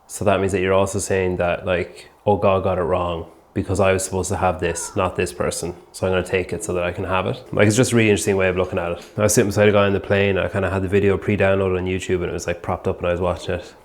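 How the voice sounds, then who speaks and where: Rambling man with a low voice. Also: slight background noise. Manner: rambling, heavy use of "like". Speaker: podcast host. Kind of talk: casual vlog chat.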